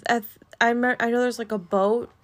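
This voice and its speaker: A woman's voice: a little high, fairly even intonation, brisk, a bit bright. A woman chatting beside a video game player, laughing often and giving directions. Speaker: co-host helping the player. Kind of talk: casual let's-play chat.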